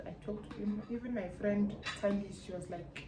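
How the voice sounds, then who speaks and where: A young South African woman with a South African accent, telling a personal story in a lively vlog and acting out her relatives' lines. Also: medium pitch, a little fast, few pauses. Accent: South African English. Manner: animated, acts out relatives' lines, slangy. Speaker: YouTuber. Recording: echoey room, faint background hum.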